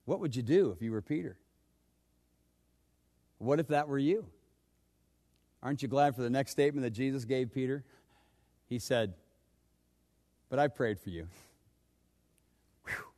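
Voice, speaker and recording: A male pastor preaching a sermon, swinging between loud urgent questions and hushed, low asides.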